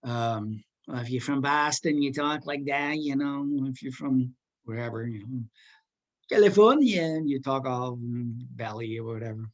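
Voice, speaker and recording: A male teacher talks casually in class, rambling from point to point with plenty of ums and uhs. He keeps things light and joking, at a medium pitch for a man. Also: steady tone, unhurried, hardly any pauses, highs cut off. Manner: rambling, joking, full of fillers.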